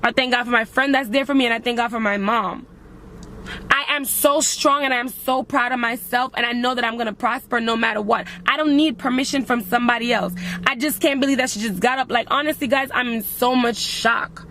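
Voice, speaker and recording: Woman, young adult, emotional personal vlog, higher pitch, speaks to viewers. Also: fairly even intonation, a little fast, a bit bright, a little hiss or hum. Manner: emotional, addresses viewers as guys. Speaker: vlogger.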